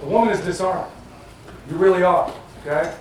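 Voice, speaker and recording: A man's voice: sits high, a little fast. A man giving a live talk to an audience, chatting plainly and joking as he goes. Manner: joking, conversational, plain-spoken. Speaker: festival presenter. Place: event venue with audience. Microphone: far from the mic. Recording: very echoey, distant, noisy live room.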